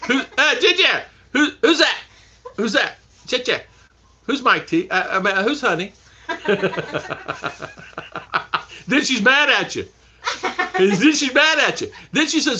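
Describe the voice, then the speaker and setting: A man's voice: high-pitched, very animated, normal speed, long pauses, sharp tone. A man hosting a casual live stream, chatting with viewers, reading their names aloud and laughing often. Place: home in the Philippines.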